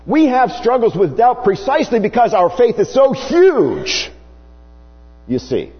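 Husky male preacher in a reverberant hall. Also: huge pitch swings. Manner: slow, emphatic preaching with wide swings in pitch. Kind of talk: sermon. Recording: dull, hummy recording with long reverb.

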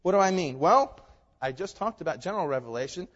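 A man preaching a sermon in a church, lively and emphatic, moving between loud declarations and quiet asides. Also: on the high side, fast. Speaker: pastor. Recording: dull sound with long hall reverb.

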